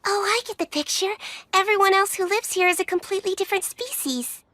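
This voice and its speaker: A woman's voice: very high voice, a little fast, sharp tone, no echo. An actress playing a polite, earnest young witch girl who is lost far from home. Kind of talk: anime dub acting.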